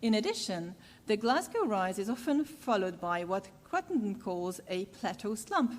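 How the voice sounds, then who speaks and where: Woman lecturer, mid-pitched, measured with many "uh" pauses, reverberant hall, faint rumble. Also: sing-song. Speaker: university lecturer. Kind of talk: academic lecture.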